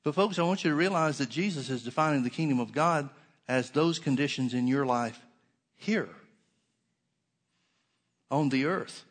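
Male preacher, earnest sermon delivery, a touch high-pitched, drawn-out scripture quotes. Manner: slows and stretches scripture quotes for emphasis; earnest, repeats key phrases.

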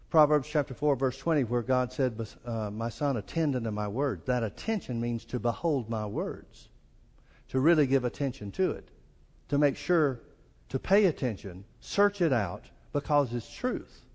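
A man with a Southern US accent preaching a sermon as pastor, folksy and acting out the quoted lines. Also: a little mellow. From American South. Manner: folksy, acts out quoted lines with rising pitch. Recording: long reverb of a church hall.

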